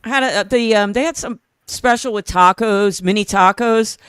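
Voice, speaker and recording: A woman's voice: mid-range voice, moderate pace, fairly bright tone, clean tone, no echo. A woman hosting a podcast, chatting in a giggly, rambling way. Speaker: podcast host. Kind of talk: casual podcast chat.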